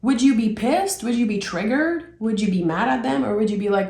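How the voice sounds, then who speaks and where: A woman giving a reflective tarot reading, gently encouraging and thinking aloud as she turns the cards. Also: on the high side, lively intonation, a little fast, vocal fry. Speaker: tarot reader. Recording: roomy echo.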